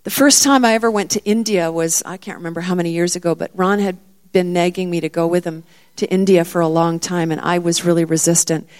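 With a low, clean, slightly mellow voice and fairly even intonation, a middle-aged woman preacher moves briskly through a sermon told as a story. She performs the disciples' words, her emphasis climbing with each point she makes.

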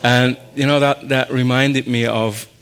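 A man telling his own faith story in an earnest, halting way, often restarting his sentences and breaking into short laughs. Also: medium pitch, fairly even intonation, a bit bright, clean tone, soft background music. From raised in a Muslim family. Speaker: speaker sharing a personal faith story. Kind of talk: personal testimony talk.

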